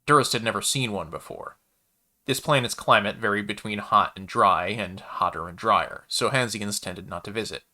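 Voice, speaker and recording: A man narrating a sci-fi story in a steady, measured reading voice. His voice sits low but with a bright, forward edge. The telling stays even and unhurried.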